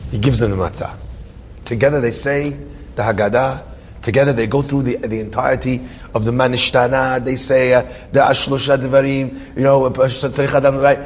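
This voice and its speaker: A man's voice: mid-range voice, fairly even intonation, fairly quick, a little hiss or hum. Man preaching a dramatic story in a hall. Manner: emotional, with frequent restarts and repeated phrases. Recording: reverberant hall with faint ambience.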